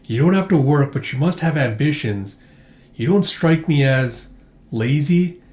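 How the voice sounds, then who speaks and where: A man voicing a gentle but firm male priest who asks polite, probing questions. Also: fairly high pitch, lively intonation, unhurried. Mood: inquisitive. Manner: polite, inquisitive. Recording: echoey room.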